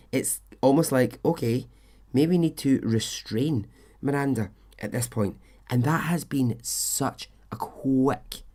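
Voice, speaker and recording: A man's voice: mid-range voice, a little mellow. A man hosting a podcast, telling a true-crime story in a chatty, conversational way with frequent asides. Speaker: podcast host.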